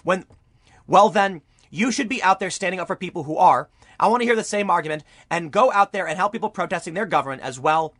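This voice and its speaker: A man's voice: high voice, quick pace, a bit bright, no echo, clean studio sound. A young man delivering an argumentative opinion monologue as a political commentary YouTuber, full of rhetorical questions.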